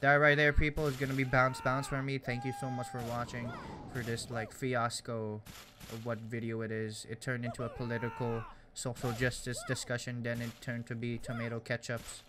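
Against a noisy background, a young man from Canada gives casual, jokey, rambling commentary while gaming for his YouTube channel, often mocking himself. He speaks at normal speed with a medium pitch and little variation in it.

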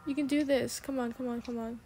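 A young woman chats excitedly while she plays a game, her voice sitting high. She swears freely and drops to a whisper when she gets scared. Steady hiss and noise run under her mic. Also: brisk. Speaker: gamer. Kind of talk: casual gameplay commentary.

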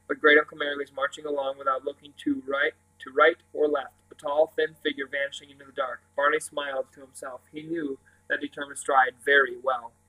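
A man reads a novel aloud in a steady, even voice that barely rises or falls. His pitch sits a little high, and now and then he stops to correct a slip. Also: a little fast, few pauses, low-quality recording. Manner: steady reading with occasional self-corrections. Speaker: reader.

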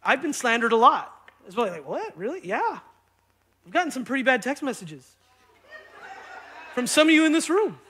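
A man preaching a sermon in church, energetic and conversational, often checking in with the congregation. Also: very high voice, moderate pace, long pauses, breathy edge. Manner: energetic, conversational, keeps asking "right?". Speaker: pastor. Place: church sanctuary.

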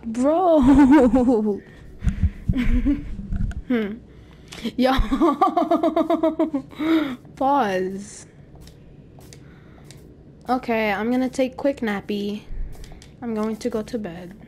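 A woman's voice: fairly high pitch, very slow, pauses often, darkish tone, slight background noise. A young woman chatting casually while playing a game with a friend, playful and teasing, laughing often. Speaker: gamer. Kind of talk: casual gameplay chat.

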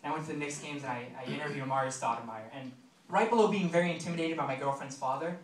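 A young man in his twenties doing a stand-up set, talking fast and loose, with lots of fillers and asides to the crowd. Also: on the high side. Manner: chatty, filler-heavy delivery with quick asides to the crowd. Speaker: stand-up comedian. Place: comedy club stage. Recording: roomy club sound, mic far, noisy.

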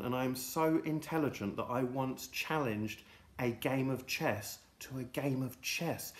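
A man hosting an absurd mock lesson for kids, rambling in a silly, deadpan way with big swings in his voice. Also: medium pitch, measured pace. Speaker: comedy presenter of a children's show. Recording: roomy echo.

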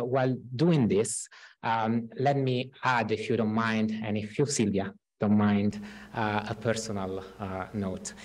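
A man giving a formal podium introduction at a cultural event, full of hesitant fillers. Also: mid-range voice. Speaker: cultural institute director. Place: event hall. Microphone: podium microphone.

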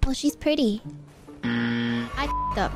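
A young woman streaming a video game live, excitable and goofy, often shrieking and joking. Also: mid-range voice, takes it slowly. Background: loud video game music.

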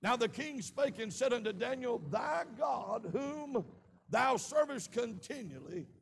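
A man with a Southern American accent preaching a sermon in a church, with shouted peaks and frequent amens. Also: very high-pitched, big pitch swings, measured pace, gravelly, a little hiss or hum. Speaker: pastor. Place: church sanctuary.

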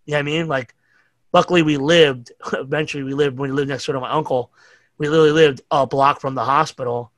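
A man's voice: on the high side, steady tone, quick pace, a bit bright, no room sound. A middle-aged man with a New York accent, telling rambling, profane stories as a podcast guest. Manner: profane, rambling anecdotes with acted-out quotes. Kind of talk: casual storytelling chat.

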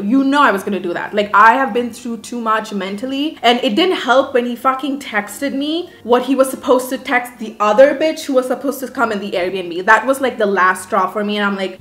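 A young woman vlogger rants through a storytime in a casual, swear-laden style. Her voice sits a touch high, and she throws herself into dramatic retellings of each exchange. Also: brisk, few pauses, roomy sound. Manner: animated, profane, dramatic retelling.

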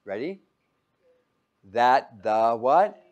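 Man, sermon, animated pitch, quizzes the audience, jokey asides. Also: extremely slow, dull audio. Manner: jokey, asks the audience questions; lively, swings between loud and quiet. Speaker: Bible teacher.

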